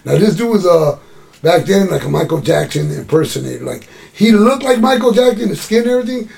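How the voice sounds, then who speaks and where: Gravelly profane man telling a street story. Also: high-pitched, brisk. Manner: profane, animated street storyteller acting out quotes. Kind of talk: casual storytelling.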